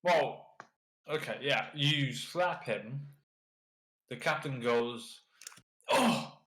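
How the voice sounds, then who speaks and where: A man running a tabletop game as dungeon master, narrating actions and prompting players in a relaxed way. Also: mid-range voice, slow pace. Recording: echoey room.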